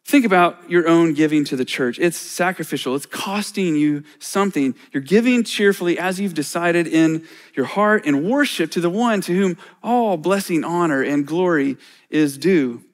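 A man's voice: a little high, animated, moderate pace. A middle-aged man, a church elder, preaching a sermon in a conversational way with self-deprecating humor.

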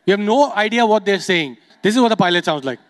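A young adult man from Dubai works a stand-up crowd in a high, bright voice. He talks quickly and playfully, teasing audience members as he goes. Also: animated. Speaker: stand-up comedian. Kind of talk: stand-up comedy set.

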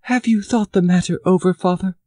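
A male audiobook reader voicing a timid young farmer's daughter who questions her father softly. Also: high voice, brisk, dry recording, voice pushed up, lightly acted. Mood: timid pleading.

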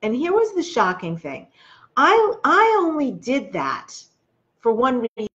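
A woman's voice: high-pitched, wildly swooping pitch, unhurried, fairly bright tone, muffled recording. A woman hosting a spiritual self-help video, talking earnestly to her viewers and coaching them through their feelings. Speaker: host. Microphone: webcam or phone video.

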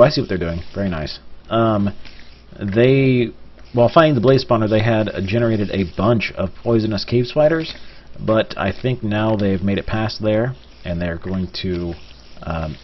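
A man with a Southern US accent giving relaxed, musing live commentary on a game tournament, often clearing his throat. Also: on the low side. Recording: lo-fi live stream with faint hiss.

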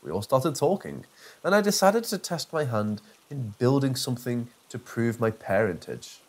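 A man's voice: mid-range voice, big pitch swings, moderate pace. A man voicing a smug, nerdy mad-doctor villain with a nasal, pompous way of monologuing. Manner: pompous, self-satisfied monologuing.

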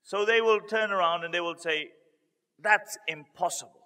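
A male preacher tells a religious story in a high, ringing voice. He repeats key points for emphasis and builds into lively retellings. His voice trails off in a long reverb, as in a large hall. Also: moderate pace. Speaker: Islamic preacher.

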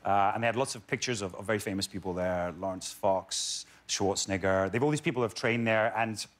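A man's voice: fairly low pitch, fairly quick. Self-deprecating man telling stories. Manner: relaxed, self-deprecating storyteller, laughs often. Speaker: actor, talk show guest. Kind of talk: chatty anecdote. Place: TV studio with audience.

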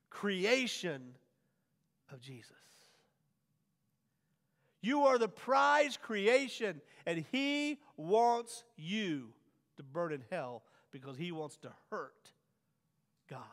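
A man preaching a sermon as pastor, swinging from hushed lines to loud, drawn-out emphasis. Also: on the high side. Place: church sanctuary. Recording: long church hall reverb.

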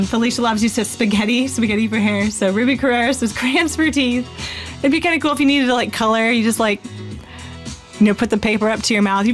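A woman hosting a live stream, chatting casually and reading out viewer comments in a bubbly, rambling way. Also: mid-range voice. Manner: chatty and bubbly, thinks aloud with many fillers.

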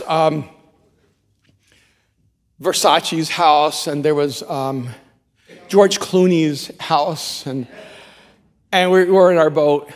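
A male pastor preaching a sermon, telling stories in a rambling, animated way with many restarts. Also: sits high, long reverb tail.

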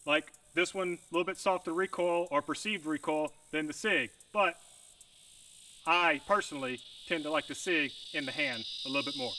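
A man's voice: fairly high pitch, normal speed, sharp tone, slight background noise. A man hosting a casual outdoor shooting vlog, hot and sweaty, talking in a laid-back, joking, plain-spoken way. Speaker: firearms video host.

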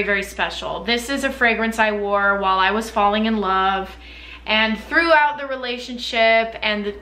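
A woman's voice: medium pitch, bright, forceful tone, reverberant. A young woman chatting casually and candidly about her perfumes for a vlog, full of fillers. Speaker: beauty vlogger. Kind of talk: casual chat.

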